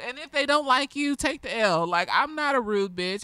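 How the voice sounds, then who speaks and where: A woman's voice: high-pitched, lively intonation, moderate pace, hardly any pauses, pushed and bright, clear, resonant tone, dry recording. A woman who is a therapist, slightly tipsy, talking bluntly and with lots of swearing in a casual video review, swinging between ranting and gushing.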